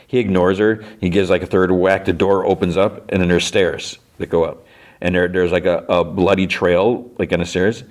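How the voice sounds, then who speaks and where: A man's voice: deep voice, level tone, normal speed. A man hosting a podcast, casually recapping a TV episode in a rambling way full of fillers. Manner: rambling, filler-heavy with lots of "like". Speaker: podcast host.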